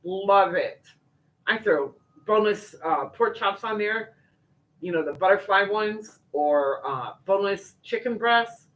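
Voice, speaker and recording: Older woman, livestream host, loose folksy chat, lots of fillers and asides, mid-pitched voice. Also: lively intonation, unhurried, poor audio. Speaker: livestream host reading viewer comments. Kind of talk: casual chat.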